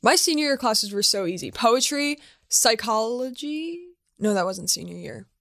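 A woman's voice: fairly high pitch, lively intonation, normal speed, fairly bright tone, no echo, clean studio sound. A young woman in casual chat, teasing and rambling.

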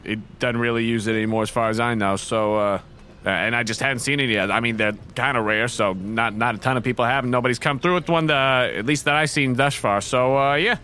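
A man's voice: medium pitch, fairly even intonation, fairly quick, bright, forceful tone, slight background noise. A man hosting a podcast and running a tabletop game as game master, in a casual, laughing way full of fillers.

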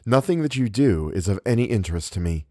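A young woman who mocks gently and tormentingly, her tone weary and cynical, voiced by a man with a low voice in a storybook reading. The sound is dry and close to the mic. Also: lively intonation, fast talker, no echo.

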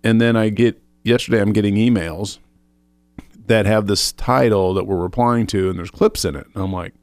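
A man's voice: on the low side, a little fast, a little mellow, no room sound. A man co-hosting a faith show, earnestly retelling a personal spiritual experience, quoting his own thoughts aloud with frequent restarts. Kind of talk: personal testimony in casual chat.

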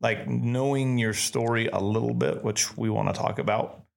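A man hosting a casual interview podcast, talking earnestly and haltingly, repeating words as he gathers his thoughts. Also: mid-range voice, fairly even intonation, creaky. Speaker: podcast host.

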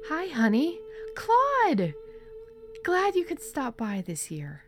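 A woman's voice: high-pitched, wildly swooping pitch, unhurried, faint music behind, voice pushed up, heavily acted. A woman voicing a cheerful, scolding ghost mother in a storybook reading.

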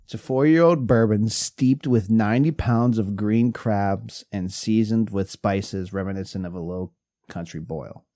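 A man's voice: fairly low pitch, unhurried, dark tone, no room sound, clean studio sound. A man co-hosting a podcast in casual chat, rambling and restarting as he goes. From Pennsylvania. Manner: rambling, restarts often, laughs while telling stories. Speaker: podcast co-host.

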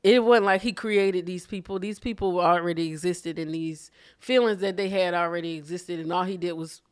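A woman's voice: lowish voice, steady tone, normal speed, smooth. A woman co-hosting a casual chat, blunt and profane, who laughs often. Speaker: podcast co-host.

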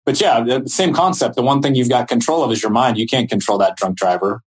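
A man's voice: medium pitch, a little fast, husky. A man hosting a podcast, chatting casually and reacting to his guest's story. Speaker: podcast host. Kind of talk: casual interview chat.

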